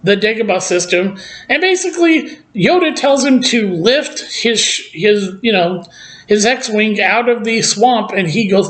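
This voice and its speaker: A speaker giving a casual opinion rant about films, profane, exasperated and sarcastic, mocking characters with quick put-on quotes. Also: medium pitch, fairly bright tone, low-quality recording. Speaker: film commentator.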